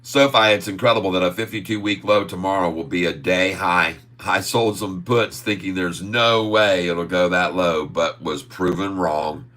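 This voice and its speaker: A man's voice: sits low, a bit bright. A man hosting a casual stock-trading livestream, reading viewer comments aloud and chuckling often. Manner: chuckles often, drawn-out folksy asides.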